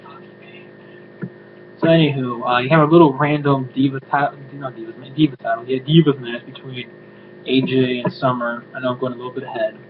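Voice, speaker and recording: A man's voice: medium pitch, level tone, fast talker. A man giving a casual spoken review, ranting and swearing with exasperated asides. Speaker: show reviewer. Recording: tinny phone-like audio with noise.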